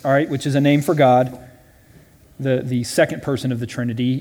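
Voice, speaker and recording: A man teaching a Bible study class in a casual way, often checking in with "right?" and voicing quoted lines loudly and dramatically. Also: mid-range voice, fairly even intonation, normal speed. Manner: conversational, with frequent "right?" and "all right?" check-ins. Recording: long reverb from a large hall.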